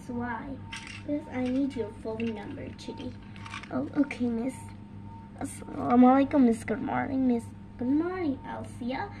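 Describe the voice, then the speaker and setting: Woman, high slightly gravelly voice, slow playful pretend-school narration, noisy background. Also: warm tone. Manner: switches between teacher and pupil voices. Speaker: toy play narrator. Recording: noisy home recording.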